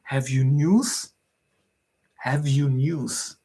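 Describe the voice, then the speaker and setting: A man reading aloud the lines of a fashionable older gentleman who is hearty and impatient. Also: medium pitch, steady tone, extremely slow.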